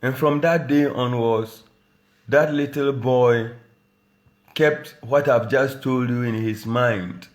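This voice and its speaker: A man's voice: medium pitch, fairly even intonation, slow pace, reverberant. A man from Ghana with a Ghanaian accent, a rapper and radio presenter, taunting a rival in a boastful diss video, switching between English and Dagbani. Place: at home.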